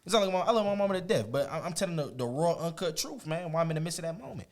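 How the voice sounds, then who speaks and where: A man, a guest on an interview show, telling a personal story in a casual, animated way, often laughing and acting out quotes. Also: a little high, very fast.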